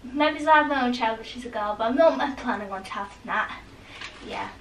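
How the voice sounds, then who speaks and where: Teen girl vlogger, high voice, rambly, recorded from a distance. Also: lively intonation, a little fast, slight background noise. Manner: rambling, chatty, full of "like" and "honestly". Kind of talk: casual talk to camera. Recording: echoey room, mic at a distance.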